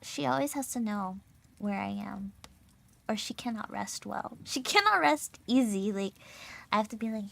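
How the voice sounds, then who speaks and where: A woman's voice: mid-range voice, animated, moderate pace, creaky, a bit bright. A young adult woman VTuber streamer in casual chat, bubbly and giggly with lots of filler words, her throat a little sore and strained.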